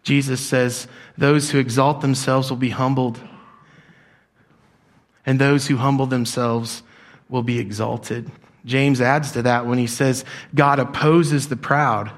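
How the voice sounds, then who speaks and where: A middle-aged man preaching a sermon to a congregation in a church, shifting between soft, low emphasis and louder, excited passages, and leading call-and-response. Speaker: pastor.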